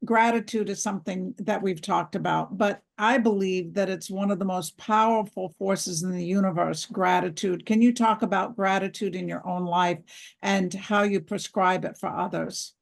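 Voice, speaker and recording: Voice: mid-range voice, fairly even intonation, normal speed, gravelly. An interview host who affirms the guest and asks reflective questions.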